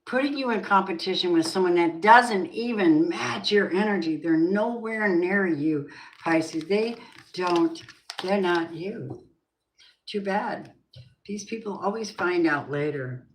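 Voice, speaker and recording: Low-voiced woman giving a tarot reading. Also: slight background noise, low-quality recording. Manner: emphatic, swears often, talks to viewers directly. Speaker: tarot reader. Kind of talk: casual tarot reading monologue.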